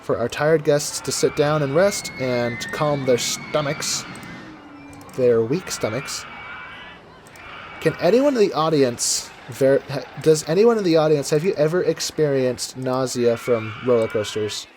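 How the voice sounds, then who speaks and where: A man's voice: medium pitch, a little slow, background noise. Chatty man narrating his gameplay. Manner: chatty, rambling, self-correcting asides. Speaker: gameplay commentator. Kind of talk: casual let's-play commentary.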